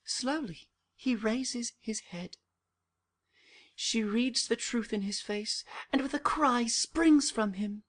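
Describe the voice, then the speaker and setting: A woman narrating the stage directions of an audiobook drama in a plain, measured way. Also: fairly high pitch.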